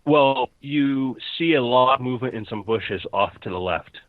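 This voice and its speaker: A man's voice: medium pitch, animated, moderate pace, no room sound, phone-quality sound. A man narrating a tabletop game as game master, setting scenes descriptively.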